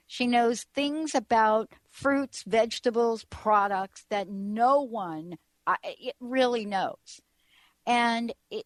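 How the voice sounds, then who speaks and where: A woman's voice: mid-range voice, no echo. A woman hosting a talk radio show, chatting casually and rambling with frequent restarts.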